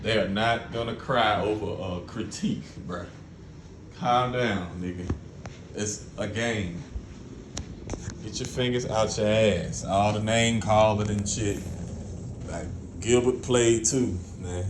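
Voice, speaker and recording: A man's voice: fairly low pitch, slow pace, echoey room, background noise. Blunt, profane man ranting. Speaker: vlogger. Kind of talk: casual rant to camera.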